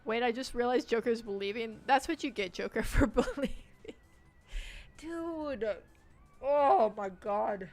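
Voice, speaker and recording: A woman streaming a game live, chatting and joking with viewers and shouting out loud when things go wrong. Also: a little high, normal speed, faint music behind. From United States. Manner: jokey, reacts loudly with sudden shouts. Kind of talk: live gameplay commentary.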